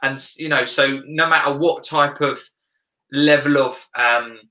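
A man's voice: mid-range voice, fairly even intonation, measured pace, bright, forceful tone, reverberant. A man speaking as a guest life coach in a casual interview, earnest and reflective, often searching for words.

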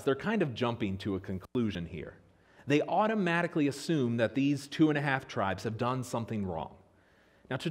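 An American man from Pennsylvania preaching a sermon as pastor in a church, telling stories in an animated way. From Pennsylvania, USA. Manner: animated storytelling with lively pitch swings. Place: church sanctuary.

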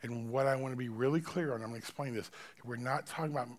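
A male pastor preaching a sermon in a church, swinging between loud, forceful preaching and quiet, close talk in casual, slangy phrasing. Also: medium pitch, fast talker. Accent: Southern American.

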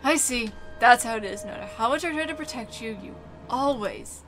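Possessive, quietly menacing young man, soft brooding delivery, slightly raised pitch and bright tone, read by a woman playing along with a game. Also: expressive, a little fast, soft background music. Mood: bitter. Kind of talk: reading game dialogue aloud.

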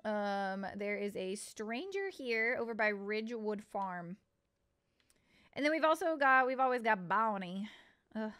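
A woman's voice: mid-range voice, expressive, a little slow, a bit bright, clear, resonant tone, no room sound, clean studio sound. A woman streamer giving playful, chatty let's play commentary to her viewers.

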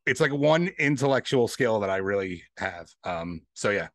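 A man's voice: on the low side, animated, moderate pace, no room sound. A man chatting casually on a podcast, laid-back, swearing and laughing often. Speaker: podcast host.

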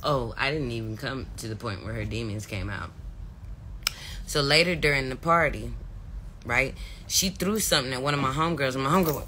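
A woman's voice: very deep voice, lively intonation, brisk, sharp tone, soft background music. A woman on a livestream, chatting casually and telling stories in a brash, swearing way. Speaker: host.

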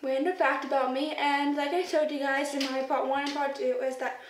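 A woman's voice: high voice, steady tone, fairly quick. A woman chatting casually to her camera as a vlogger, rambling with lots of fillers. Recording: roomy echo, distant mic, faint noise.

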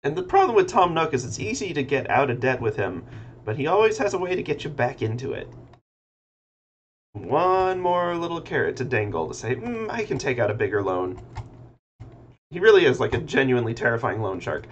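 A man's voice: mid-range voice, very animated, a little fast. A man streaming casual chat, rambling about games and muttering to himself as he works on a computer. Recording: slightly dull lo-fi audio with faint noise.

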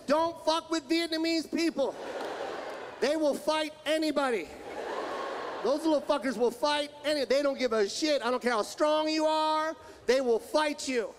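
A male stand-up comedian performing a set, loud and punchy, shouting his punchlines into a live show mic. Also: very high-pitched, background noise.

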